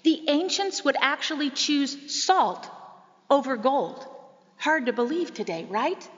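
A woman pastor delivering a sermon in an emphatic, measured way, asking the congregation rhetorical questions. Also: sits high, lively intonation. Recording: muffled, echoey sanctuary recording.

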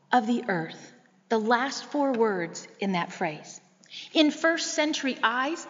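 A woman pastor delivering a sermon in an emphatic, measured way, asking the congregation rhetorical questions. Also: high voice, a bit bright. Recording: muffled, echoey sanctuary recording.

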